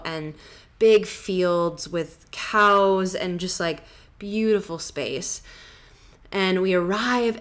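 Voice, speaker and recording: Woman podcaster, slightly low voice, rambling travel story, lots of "like". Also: fairly bright tone. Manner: rambling, full of "like" and "you know". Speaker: podcast host.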